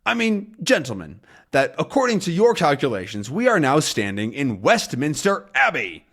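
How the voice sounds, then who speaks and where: A man's voice: a little high, wildly swooping pitch, moderate pace, a bit bright, husky, voice pushed up, full character voice. Man doing a blustering grumpy sea captain. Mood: sarcastic. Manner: blustering, sarcastic. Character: gruff irritable male sea captain. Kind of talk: reading a comic aloud in character.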